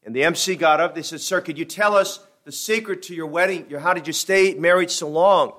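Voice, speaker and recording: A male pastor preaching a sermon, telling a folksy joke and then reading scripture slowly and emphatically. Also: on the high side, fairly bright tone.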